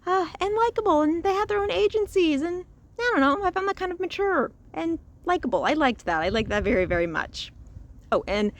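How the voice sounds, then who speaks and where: A woman from Louisiana giving a casual spoken review, chatty and expressive, recorded outdoors. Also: very high voice, brisk. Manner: chatty and expressive, with frequent laughs and sighs. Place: outdoors in a cemetery.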